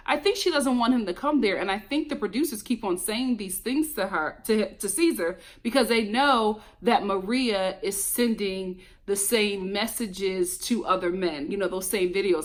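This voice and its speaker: A woman giving a casual, animated commentary review of a reality show, chatting straight to her viewers. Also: medium pitch, brisk. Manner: animated, chatty, exclamatory, addresses viewers as y'all.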